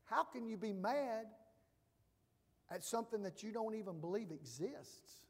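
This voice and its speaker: A man preaches with a fairly high voice, moving between quiet, thoughtful asides and loud, emphatic declarations. His delivery is slow and deliberate. The sound rings with a long reverb, as in a large church sanctuary. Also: expressive. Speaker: pastor. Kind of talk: sermon.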